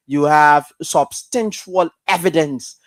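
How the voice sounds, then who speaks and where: A man hosting a live call-in radio show, speaking in a measured, halting way full of fillers. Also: fairly high pitch, no echo. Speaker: radio talk show host.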